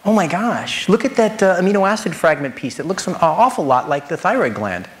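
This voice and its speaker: A man's voice: sits high, sing-song, a little fast. A man voicing alarmed, suspicious immune cells during a lecture, startled and exclaiming.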